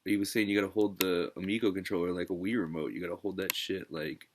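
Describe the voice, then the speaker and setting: A man's voice: low-pitched, steady tone, fast talker, background noise. A man streaming a game live, ranting casually with lots of swearing and exasperation. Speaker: gaming streamer.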